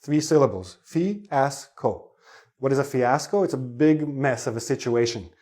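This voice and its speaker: A man's voice: mid-range voice, brisk, a little mellow. A man teaching an English pronunciation lesson online, explaining in a chatty way and asking his viewers questions.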